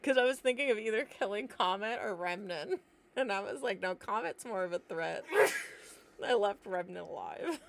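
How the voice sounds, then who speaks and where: A woman's voice: medium pitch, moderate pace, vocal fry, noisy background. A woman livestreaming a game, chatting casually and reacting with swearing and laughter. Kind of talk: casual live gameplay chatter. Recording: game music playing behind. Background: game music.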